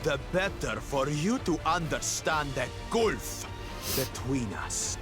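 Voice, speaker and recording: A man's voice: on the high side, expressive, over music. An actor playing a menacing, mocking brute in a video game cutscene, sneering as he threatens. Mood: taunting. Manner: sneering threats, slow and gravelly. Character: menacing adult male brute, mocking and cruel.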